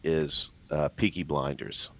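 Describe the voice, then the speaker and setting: A man's voice: very deep voice, fairly even intonation, takes it slowly, a bit bright, no room sound. A man with a Louisiana accent telling rambling, self-deprecating stories in a casual live-stream chat. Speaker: guest.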